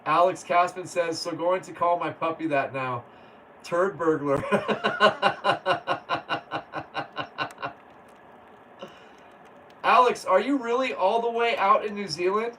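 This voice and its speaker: A man's voice: high voice, moderate pace, pushed and bright. A man hosting a casual livestream, reading viewer comments aloud and chatting in a laid-back way with frequent laughs. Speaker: livestream host. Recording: distant mic with faint background noise.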